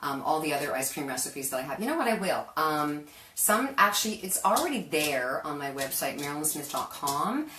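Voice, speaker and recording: A woman's voice: deep voice, very animated, a little fast. A woman hosting a live cooking show from her kitchen, chatting in a rambling way and laughing often. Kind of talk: casual live-stream chat. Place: home kitchen. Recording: roomy kitchen, mic far off, noisy.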